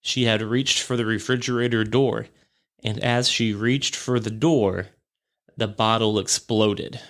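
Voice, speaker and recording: Guy with a lowish voice doing a chatty home podcast, wanders off track, swears a bit. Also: steady tone, unhurried. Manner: rambling, self-correcting, swears casually. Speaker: podcast host. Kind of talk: casual podcast storytelling.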